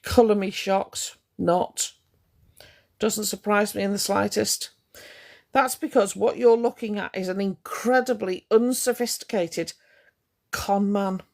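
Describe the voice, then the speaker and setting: A woman's voice: mid-range voice, steady tone, unhurried, vocal fry, darkish tone. A woman ranting on a live stream to her viewers, indignant and confrontational, hammering her points home by repeating them.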